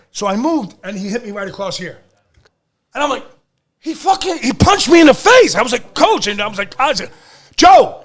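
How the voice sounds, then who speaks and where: A middle-aged man from Pennsylvania hosting a podcast, telling a story in a casual, animated, profane way and acting out what people said. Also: high-pitched. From Lehigh Valley, Pennsylvania. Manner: animated, profane storyteller who acts out quotes. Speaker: podcast host.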